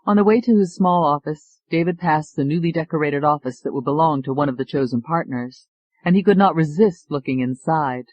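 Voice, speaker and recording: A man reading an audiobook as narrator, measured and even. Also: on the high side, no room sound, dull audio. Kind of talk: scripted narration.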